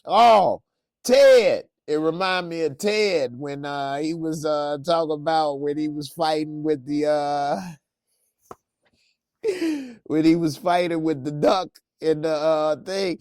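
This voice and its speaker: A man casually reacting to a TV episode in slangy, laid-back talk with lots of laughter and animated retelling. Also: fairly high pitch, slow, dry recording, studio quality. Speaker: reviewer.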